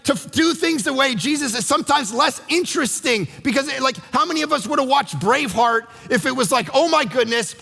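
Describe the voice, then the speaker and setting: A middle-aged male pastor preaching with a high, bright, forceful voice and a gravelly edge. He is animated and acts out his quotes. The sound carries a long church-hall reverb with faint music underneath. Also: a little fast, hardly any pauses. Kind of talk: sermon. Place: church sanctuary.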